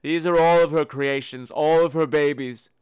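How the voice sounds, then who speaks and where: A man's voice: a little high, fairly even intonation, normal speed, a little mellow, clean tone, dry recording, close to an everyday voice. A man voicing an elderly mournful man who speaks in a formal, ominous way. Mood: grave, ominous.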